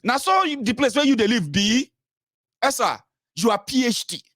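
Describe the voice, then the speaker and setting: A Nigerian man putting on a gushing, awed male fan in a high, mocking sing-song voice. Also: lively intonation, moderate pace, fairly bright tone, no echo, studio quality, full character voice. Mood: mocking awe.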